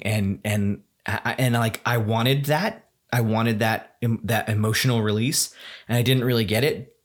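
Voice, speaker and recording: A man with a lowish voice hosts a solo podcast from a room at home. He rambles with eager enthusiasm, leaning on fillers and starting sentences over and over. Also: slightly rough. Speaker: podcast host.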